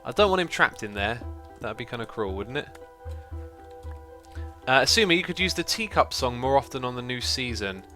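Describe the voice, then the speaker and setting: A man hosts a relaxed gameplay livestream, talking casually and reading out viewer messages. His voice is bright and forward at an everyday middle pitch. Soft music plays faintly underneath. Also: moderate pace. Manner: chatty, reads out viewer donations and messages. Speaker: livestream host.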